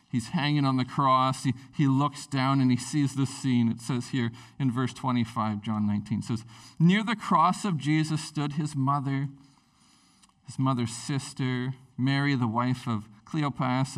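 A man preaching a sermon in a church, telling stories with lively swings from loud bursts to hushed tones. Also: mid-range voice, far from the mic. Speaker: pastor.

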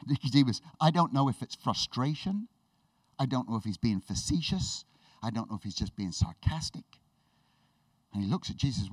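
A man preaching a sermon with enthusiastic, animated storytelling, laughing and restarting as he goes. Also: mid-range voice, moderate pace, pauses often, breathy edge, dry recording, recorded from a distance.

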